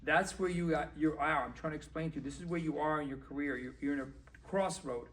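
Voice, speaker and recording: A man, a dentist, speaks briskly in a slightly high voice while giving a motivational talk to a group. He's animated, acting out conversations and repeating phrases for emphasis.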